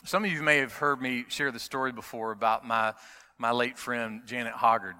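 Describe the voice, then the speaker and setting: A middle-aged male pastor preaching a sermon, swinging between hushed moments and emphatic, rising passages. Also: medium pitch, brisk. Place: church sanctuary. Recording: long reverb of a large hall.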